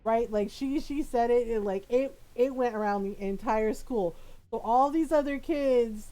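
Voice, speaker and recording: High-voiced, laughing woman streamer. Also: unhurried. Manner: animated, laughs often, many fillers. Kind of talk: casual storytelling on a game stream.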